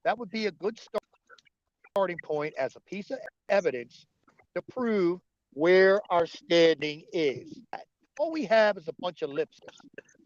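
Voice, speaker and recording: A man's voice: high-pitched, very animated, a little slow, dry recording. A man ranting angrily on a livestream, cursing often and arguing with his chat. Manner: profane, angry, argumentative. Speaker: livestream host. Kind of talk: heated livestream rant. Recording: dull, dry lo-fi stream audio.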